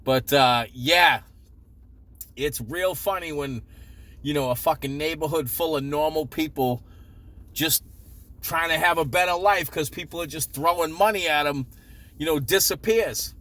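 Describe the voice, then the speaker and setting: A man with a Boston accent telling a story in a profane, sarcastic, animated rant. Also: fairly high pitch, a little slow, dry recording. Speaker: vlogger. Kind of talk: ranting story time.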